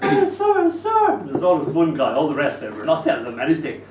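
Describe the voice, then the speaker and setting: A man in his sixties hosting an open mic and reading his poems with wistful, gentle humour. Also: medium pitch, racing, background noise. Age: 60s. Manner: wistful, gently humorous storytelling. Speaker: poet and open mic host. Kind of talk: live poetry reading. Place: live open mic venue. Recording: roomy room, distant mic, faint ambience.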